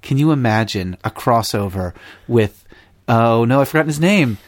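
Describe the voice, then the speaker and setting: Playful male podcast host, mid-pitched, rambling chat, dry close mic. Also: expressive, normal speed, dry recording. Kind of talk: casual chat.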